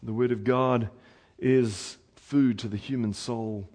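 A man preaching a sermon in a folksy way, repeating words and swinging from loud emphasis to hushed lines. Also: medium pitch, fairly even intonation, slow pace. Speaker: pastor.

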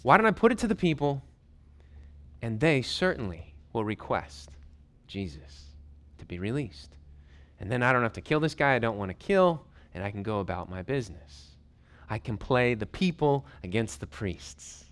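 A man voicing a troubled, scheming Roman governor who thinks out loud in a worried way. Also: mid-range voice, big pitch swings, normal speed, pitched below the performer's own voice, close to an everyday voice.

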